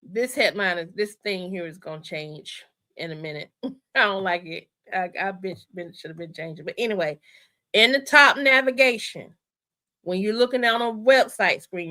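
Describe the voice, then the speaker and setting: On a casual livestream store walkthrough, a woman hosting her channel talks straight to viewers with a bright, forceful, mid-range voice. She's chatty and excitable, going over her instructions again and again so no one misses them.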